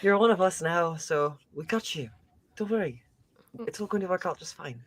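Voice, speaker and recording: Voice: mid-range voice, very animated, unhurried, noisy background. A player putting on a comforting Irish-accented adventurer. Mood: reassuring. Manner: hesitant, trailing off into fillers. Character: reassuring friendly adventurer Duke.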